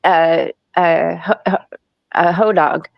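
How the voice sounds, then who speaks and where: A woman's voice: fairly low pitch, fairly even intonation, slow, vocal fry, no room sound, dull audio. Rambling, giggly woman gossiping. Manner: rambling storyteller, laughs often. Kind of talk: casual gossip chat.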